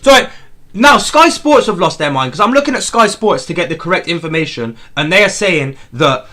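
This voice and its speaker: A young man streams a live football watchalong, repeating himself as he reacts. His voice sits a little high and bright. It leaps about between outraged outbursts and low, muttered asides. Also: animated, brisk. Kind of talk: live match watchalong commentary.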